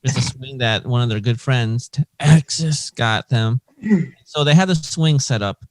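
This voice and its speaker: A man's voice: mid-range voice, dry recording. A man co-hosting a crude comedy podcast, telling a story and laughing through it. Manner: laughs through his own story, slow animated telling. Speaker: podcast co-host.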